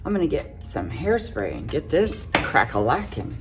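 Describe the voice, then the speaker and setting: A woman's voice: low-pitched, sing-song, moderate pace, soft background music. A middle-aged woman chatting through a casual makeup tutorial, full of self-joking, giggly asides. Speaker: makeup vlogger.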